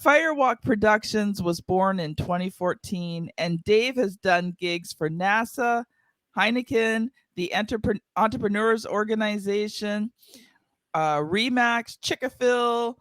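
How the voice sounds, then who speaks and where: A woman's voice: medium pitch, measured pace, no room sound. Dry-sounding podcast host woman. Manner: reads the guest intro, then asks warm open questions. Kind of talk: podcast interview.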